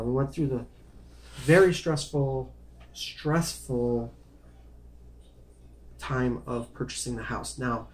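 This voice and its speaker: Speaking to camera with a darkish, medium-pitched voice, this vlogger shares the story of his life in a relaxed, meandering way. He keeps restarting phrases, repeating words, and apologizing for veering off topic.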